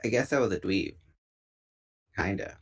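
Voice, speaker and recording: A man with a notably deep voice reads a novel aloud. His delivery is relaxed and informal, and he sometimes stops to correct a slip before carrying on. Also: normal speed, gravelly, breathy edge. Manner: relaxed, unpolished reading with small self-corrections. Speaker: book reader.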